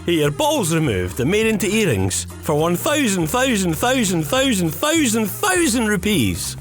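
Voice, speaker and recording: Man doing a Dundonian lad, broad accent, rough, excitable, "eh" fillers, raised pitch. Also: moderate pace, soft background music. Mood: eager. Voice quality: broad, clipped, punctuated with "eh". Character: rough young Dundee lad, blunt and excitable.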